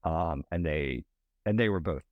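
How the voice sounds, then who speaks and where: A man from Alabama, a documentary director, answering interview questions in a halting way with many restarts. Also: no room sound, narrow, tinny audio. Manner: halting, many restarts, animated pitch jumps.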